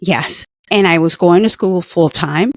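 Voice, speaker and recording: A woman's voice: fairly low pitch, a little slow, no echo, clean studio sound. A middle-aged woman earnestly telling a personal story in conversation, emotional at times. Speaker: guest, former patient.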